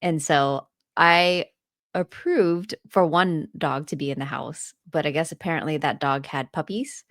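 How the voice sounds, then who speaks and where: With a deep, a bit bright voice and an unhurried pace, this podcast co-host and landlord recounts a story casually, frequently laughing along the way. The studio recording is dry and clean.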